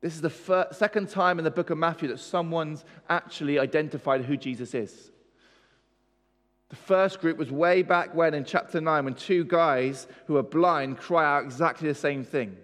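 A man's voice: fairly high pitch, moderate pace, a bit bright. A man preaching a sermon, emphatic, asking his listeners questions. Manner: emphatic, asks the audience questions. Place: church hall. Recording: long reverb in church hall.

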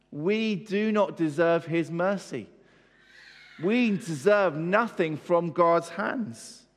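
A man delivers a sermon with a fairly high voice, his words ringing through a long hall reverb. He drives each point home with rhetorical questions and emphatic repetition. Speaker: preacher.

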